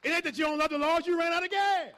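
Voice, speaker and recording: A man preaching a sermon, building from quiet asides to loud call-and-response shouts. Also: very high-pitched, steady tone, very fast, a faint crowd.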